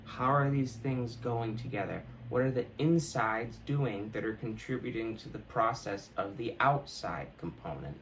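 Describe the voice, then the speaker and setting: A man's voice: medium pitch, unhurried, hardly any pauses, slight background noise, low-quality recording. Young male podcast host, mid-range voice, loose and profane, introspective, laughs through his own points. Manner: profane, reflective, laughs often. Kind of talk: casual solo monologue.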